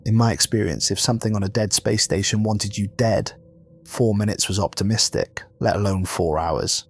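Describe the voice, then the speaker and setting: A man reading a first-person sci-fi horror story in a steady, measured storytelling voice. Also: on the low side, vocal fry, breathy edge. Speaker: narrator.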